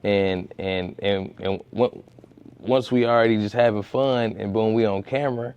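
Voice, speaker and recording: The comedian and street-interview creator talks at a moderate pace in a smooth voice, chatting informally in a podcast interview. He tells lively stories, imitates quotes in a high voice, and restarts a lot. His podcast studio mic audio has the highs cut off.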